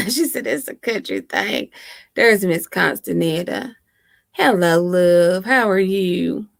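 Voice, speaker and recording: Slow, creaky-voiced woman livestreaming. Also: on the low side, expressive, no room sound, clean studio sound. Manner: laughs often, chatty and teasing. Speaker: livestream host. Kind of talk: casual live chat with viewers. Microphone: laptop microphone.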